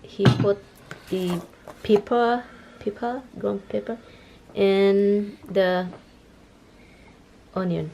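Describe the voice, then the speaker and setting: A Filipino-accented woman vlogging casually at home, chatty and quick to laugh, with non-native grammar. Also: mid-range voice, fairly even intonation, creaky, noisy background. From Philippines. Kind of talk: casual home vlog chat.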